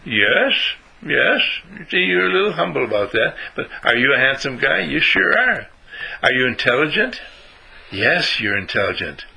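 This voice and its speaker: A man talking to a small child in an animated, sing-song way, asking leading questions and answering them himself. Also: medium pitch, creaky, breathy edge, poor audio. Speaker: adult talking with young children. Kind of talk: coaxing talk to a small child.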